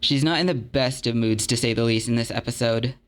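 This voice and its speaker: A man's voice: mid-range voice, fairly quick, clear, resonant tone. A young man narrating a video essay in an earnest, conversational, slightly self-deprecating way. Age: young adult.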